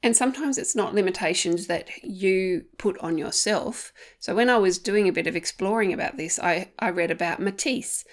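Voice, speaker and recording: A woman, a writer, chatting as a guest in a mid-range voice. She talks in an animated, self-deprecating way, with easy restarts. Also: mid-range voice, normal speed, few pauses. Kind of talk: casual interview chat.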